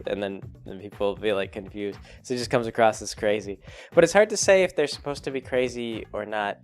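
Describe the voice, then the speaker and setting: A man's voice: lowish voice, a little fast, faint music behind. Chatty man rambling in a vlog. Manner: loose and chatty, full of "like" fillers; chuckles as he talks. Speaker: vlog host. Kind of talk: casual rambling chat.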